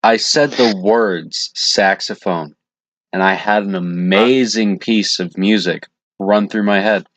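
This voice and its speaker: A man's voice: lowish voice, steady tone, slow pace, a bit bright, no room sound. A young man co-hosting a casual podcast, laid-back, swearing and laughing a lot. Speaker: podcast co-host. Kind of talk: casual chat.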